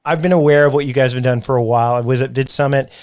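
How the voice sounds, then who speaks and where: A man's voice: mid-range voice, steady tone, rapid-fire, darkish tone, no room sound, clean studio sound. A man hosting a podcast interview, talking casually with many restarts and fillers. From Canada. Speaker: podcast host.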